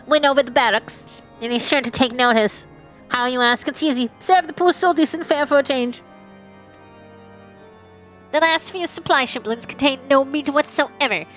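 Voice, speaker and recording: Woman voicing a gruff male quartermaster, high-pitched, stuffy with a cold, game music faintly behind. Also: normal speed, long pauses, fairly bright tone, poor audio. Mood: matter-of-fact. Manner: reads lines aloud at an uneven pace. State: has a cold. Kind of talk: reading game dialogue aloud.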